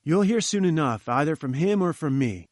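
A man's voice: fairly high pitch, expressive, moderate pace, darkish tone, dry recording, studio quality, natural voice. A man voicing a cheerful, chummy young male journalist. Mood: breezy. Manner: breezy and chummy.

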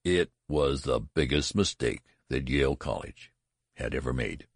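Audiobook narrator, male, very low and gravelly, dry booth sound. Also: unhurried, no room sound. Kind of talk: storybook narration.

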